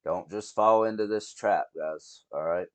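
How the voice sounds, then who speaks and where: A man's voice: on the low side, a little slow, very noisy. A man hosting a reaction video, rambling and swearing as he talks straight to his viewers. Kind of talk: casual reaction commentary.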